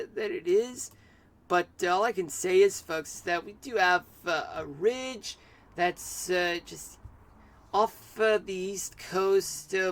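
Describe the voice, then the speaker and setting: A man streaming live, giving an amateur weather forecast in a halting way with many fillers and restarts. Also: high-pitched, a bit bright.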